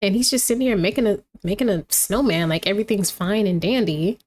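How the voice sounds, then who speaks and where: A woman's voice: medium pitch, brisk, darkish tone. Chatty woman narrating her life-sim game. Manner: chatty, reacts aloud, talks to the game characters. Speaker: gameplay commentator. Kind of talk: casual game commentary.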